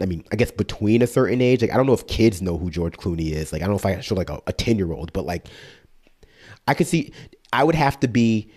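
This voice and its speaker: A man's voice: on the low side, a little mellow. A man streaming, reading an article aloud and breaking off for sarcastic, casual asides.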